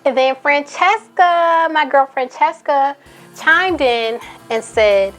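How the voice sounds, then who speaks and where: Emphatic female commentator, higher register, faint music underneath; casual, opinionated delivery. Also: expressive, unhurried, fairly bright tone. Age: adult, a mother. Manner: outspoken, emphatic, repeats for emphasis. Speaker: commentary YouTuber. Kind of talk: casual commentary, reading tweets aloud.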